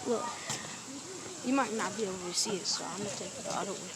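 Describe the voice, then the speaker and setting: A woman's voice: medium pitch, fast. A young woman casually chatting while filming a walk through a park on her phone, pointing things out as she goes. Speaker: vlogger filming a nature walk. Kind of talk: casual chat while walking. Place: outdoor park with a pond. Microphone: phone held while walking. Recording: loud outdoor noise on a phone recording.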